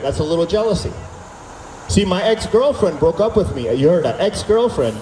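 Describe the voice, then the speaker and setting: Male stand-up comic, higher voice, booming through an outdoor PA from far off. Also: fairly quick, a little hiss or hum. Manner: animated storytelling, acting out dialogue with the crowd. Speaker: stand-up comedian. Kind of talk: stand-up comedy at an outdoor concert. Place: outdoor stage at a summer concert. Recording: echoey outdoor PA sound from far off.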